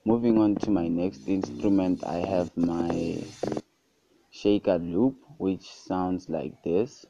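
A man narrating a casual music production tutorial, relaxed and easygoing, often calling out to his viewers and praising each sound. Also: low-pitched, slow pace, gravelly, dull audio. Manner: relaxed, repeats "guys" and "super cool".

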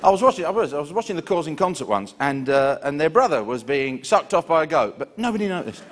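A middle-aged man telling a sardonic stand-up story, his high voice swooping up and down. It is heard on a live recording with loud noise behind. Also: very animated, fast talker, hardly any pauses, over a noisy crowd. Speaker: stand-up comedian. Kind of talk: stand-up comedy routine.

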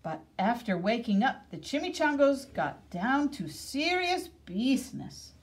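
A woman reading a picture book aloud for kids, expressive and sprinkled with playful Spanish words. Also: a little high, a little slow. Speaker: reader.

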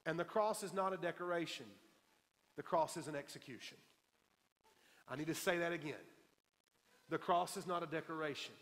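A man preaching to a congregation, his voice sitting a little high and carrying a long tail of reverb through the church hall. He tells stories with emphasis and repeats his key lines for weight. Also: fairly quick, a bit bright. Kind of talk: sermon. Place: church sanctuary.

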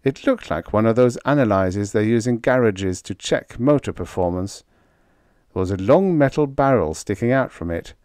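A man narrating a humorous story in the first person, with a wry, deadpan manner. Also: on the low side, moderate pace, smooth, no room sound. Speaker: audiobook narrator.

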